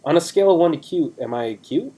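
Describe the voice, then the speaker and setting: A man's voice: on the high side, lively intonation, fast talker, mellow, slightly rough. A young man in his twenties, a podcast co-host, chatting in a rambling, self-deprecating way on a video call. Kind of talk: casual chat.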